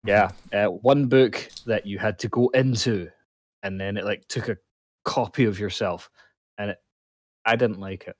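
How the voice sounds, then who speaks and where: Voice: sits low, fairly even intonation, unhurried, no room sound. A player at a tabletop game speaking casually and hesitantly. The voice sounds dry and close.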